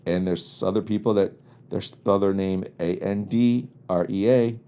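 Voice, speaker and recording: A man's voice: low voice, steady tone, measured pace, dark tone, clean tone. A man hosting a podcast, originally from the US East Coast, telling rambling, wry and exasperated comic stories in a casual monologue. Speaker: podcast host. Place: home studio in Los Angeles.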